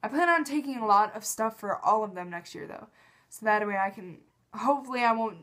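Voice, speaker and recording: A woman's voice: medium pitch, expressive, fairly quick, fairly bright tone. A woman talking in a rambling, emotional, self-critical way in a casual confessional vlog. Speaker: vlogger.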